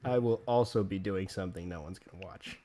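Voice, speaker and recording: A man co-hosting a casual comedy podcast, rambling and joking, acting out quick bits of other people. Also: sits low, dark tone. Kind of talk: casual chat.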